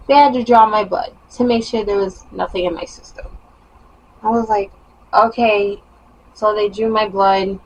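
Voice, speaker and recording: Young woman, casual storytime vlog, emphatic bursts, mid-pitched voice, faint background hum. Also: normal speed, muffled recording. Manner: animated, emphatic retelling with rising bursts. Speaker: vlogger. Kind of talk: storytime monologue.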